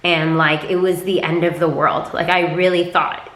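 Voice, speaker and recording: A woman's voice: fairly low pitch, level tone, moderate pace, a bit bright. A young woman vlogger telling a personal story to camera in a candid, chatty way, with lots of filler words. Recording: echoey room.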